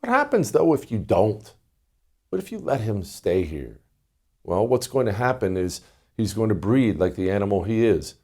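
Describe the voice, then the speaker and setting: A man's voice: lowish voice, very animated, normal speed, dark tone. A middle-aged man hosting a talk show, delivering a combative, sarcastic monologue. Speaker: host.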